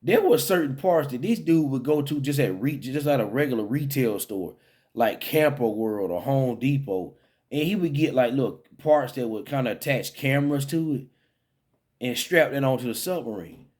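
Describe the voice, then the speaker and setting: A man's voice: medium pitch, lively intonation, moderate pace, darkish tone. A man giving casual, rambling commentary to his own channel, full of fillers and restarts, with an incredulous, head-shaking tone. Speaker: vlogger.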